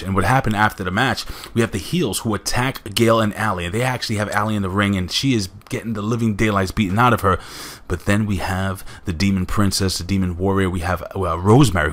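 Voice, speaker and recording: Low-voiced male reviewer, loose and chatty, filler-heavy recap with frequent viewer asides. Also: fairly bright tone. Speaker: wrestling show reviewer. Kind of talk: casual spoken recap.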